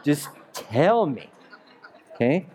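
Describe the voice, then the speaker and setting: A male pastor delivering a sermon in a church. He talks in an easy, conversational way, animated and quick to ask the congregation whether they follow. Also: on the high side, slight background noise.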